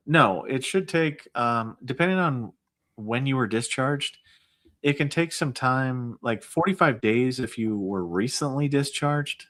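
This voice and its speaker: A man speaking as a guest on a casual livestream gives steady advice about benefit claims. His voice sits at an ordinary middle pitch for a man. He leans heavily on casual fillers as he talks. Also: measured pace. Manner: explains steadily with many fillers like "I mean" and "like". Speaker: guest, veterans benefits adviser.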